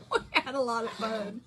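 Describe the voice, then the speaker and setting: Fairly high in pitch, a woman with a Southern US accent tells stories and chats with her livestream viewers, addressing them as "y'all," as she crafts. She's talkative and laughs often, and the clip carries heavy background noise.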